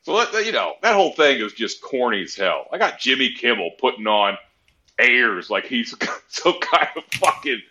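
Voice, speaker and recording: A man's voice: mid-range voice, very animated, normal speed, pushed and bright. A man talking sports on a podcast in a blunt, profane, rambling way. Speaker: podcast co-host. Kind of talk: casual sports chat. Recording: dull lo-fi sound.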